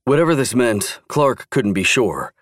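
A man narrating a thriller audiobook in a steady, even storytelling manner. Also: mid-range voice, measured pace, no room sound, clean studio sound. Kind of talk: scripted narration.

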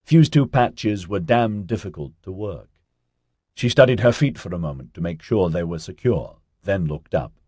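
A man narrating an audiobook in an expressive storytelling manner. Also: low-pitched, moderate pace, husky, dry recording, studio quality.

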